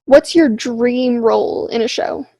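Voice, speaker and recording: A woman's voice: on the high side, measured pace, creaky, warm tone, a little hiss or hum. A teenage girl and young actor chatting casually in an interview, bubbly and filler-heavy.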